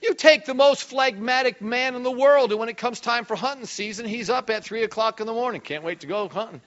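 A male pastor preaching a sermon with lots of energy, dropping low and quiet, then breaking into sudden shouts. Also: fairly even intonation, fairly quick, lo-fi sound.

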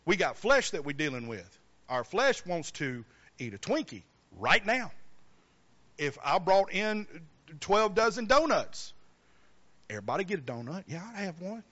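A preacher with a high, ringing voice, preaching emphatically and throwing questions to his congregation. The recording sounds a little muffled and dull. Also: big pitch swings, moderate pace, bright, forceful tone. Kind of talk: sermon.

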